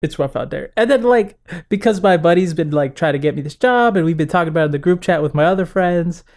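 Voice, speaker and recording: A young man with a somewhat high voice tells an animated story in relaxed podcast chat. He acts out the other people's lines and laughs easily along the way. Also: quick pace. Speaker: podcast co-host. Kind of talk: casual chat.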